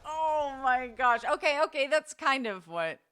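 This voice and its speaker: A woman's voice: high-pitched, animated, measured pace, pushed and bright, soft background music. Chatty young woman podcast co-host. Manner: chatty, laughs often. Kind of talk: casual chat.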